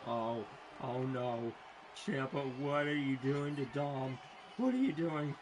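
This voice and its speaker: A man doing amateur play-by-play commentary on a wrestling match, drawn-out calling broken by sudden excited shouts and swearing. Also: mid-range voice, noisy background. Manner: slow, drawn-out calling between bursts.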